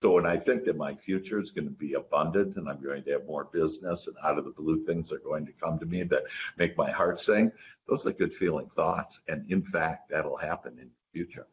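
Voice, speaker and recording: A man's voice: rumbling low, brisk, a little hiss or hum. A man speaking as a guest mindset coach in a casual interview, rambling and earnest. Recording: dull lo-fi sound.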